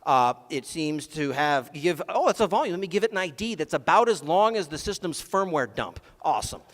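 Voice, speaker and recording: The long reverb of a big hall surrounds a conference speaker giving a technical talk laced with deadpan sarcasm. He talks a little fast in a fairly high voice that swings widely in pitch.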